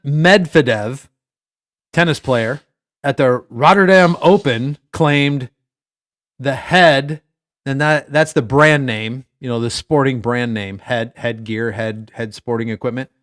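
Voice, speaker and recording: A man's voice: medium pitch, slow, fairly bright tone, no echo, clean studio sound. A man co-hosting a sports podcast, chatting casually in a rambling, jokey way. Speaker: podcast co-host.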